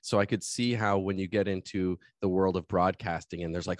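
Deep voiced guy hosting a podcast, gets excited, long rambling thoughts, dry sound. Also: fairly quick, hardly any pauses, no room sound. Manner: enthusiastic, talks in long flowing thoughts. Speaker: podcast host, coach. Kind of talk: casual interview chat.

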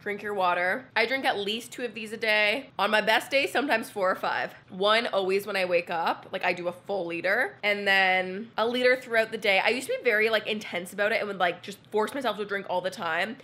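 A woman's voice: mid-range voice, fairly quick, hardly any pauses, sharp tone. A young woman chatting casually to her camera at home as a lifestyle vlogger, upbeat and giddy, with lots of "like" fillers. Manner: chatty, filler-heavy with frequent "like". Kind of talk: casual vlog chat. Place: indoors at home. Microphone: wireless mic worn for filming.

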